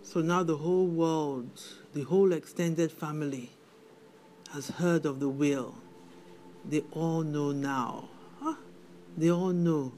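A woman's voice: low-pitched, fairly even intonation, takes it slowly, warm tone, slight background noise. A middle-aged woman with a Nigerian accent playing a bitter, wounded widow in a film drama, given to indignant "eh?"s. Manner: indignant, tearful, repeats "eh?". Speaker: widowed mother.

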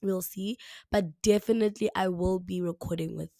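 A young South African woman hosts a solo podcast, chatting casually, repeating herself and saying "like" a lot. Her voice is hoarse, a bit raspy and deeper after the flu, with fairly even intonation, a moderate pace and a warm tone. She records alone indoors on a camera mic, yet the sound is studio quality with no room sound.

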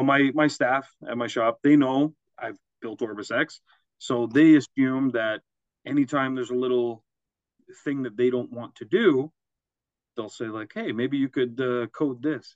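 A man's voice: medium pitch, no room sound, muffled recording. A man co-hosting a casual podcast, rambling through examples and laughing at his own jokes. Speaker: podcast co-host. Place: Quebec, Canada.

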